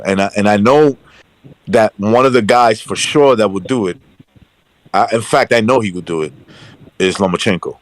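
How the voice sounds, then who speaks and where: A man's voice: lowish voice, normal speed, long pauses, rough recording. A man co-hosting a casual boxing podcast, teasing callers and talking over the others. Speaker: podcast co-host. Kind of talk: casual chat.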